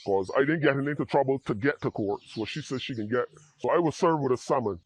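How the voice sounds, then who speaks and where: Earnest man, halting testimony. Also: mid-range voice, no room sound. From Barbados. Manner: earnest, halting, repeats words as he searches. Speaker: interview guest in addiction recovery. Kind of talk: personal testimony in an interview.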